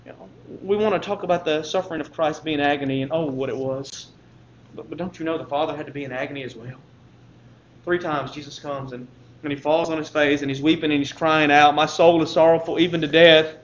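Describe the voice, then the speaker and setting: A man's voice: on the high side, steady tone, a little fast, highs cut off, slight background noise. A man preaching a sermon, building with repetition into fervent, impassioned appeals.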